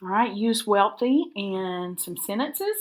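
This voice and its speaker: A woman teacher, dictating spelling words and breaking them into syllables slowly and carefully for a recorded lesson. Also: mid-range voice, animated, a little hiss or hum. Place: recorded for an online video lesson.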